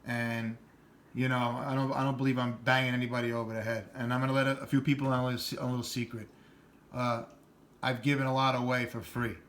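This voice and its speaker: A man's voice: medium pitch, little pitch movement, fast, a bit bright, slight background noise. A middle-aged man with a New York accent talking bluntly and rambling in a casual vlog. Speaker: channel host.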